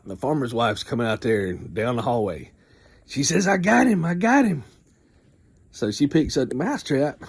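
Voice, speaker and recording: A man casually retelling a folksy farm story in a rambling way, often clearing his throat. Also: mid-range voice, darkish tone.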